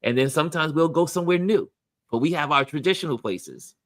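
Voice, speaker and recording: A man hosting a casual motivational chat, talking about friendship in an animated way and acting out what people say. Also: on the high side, fairly quick, no echo, clean studio sound. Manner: animated, acts out quoted voices. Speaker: host.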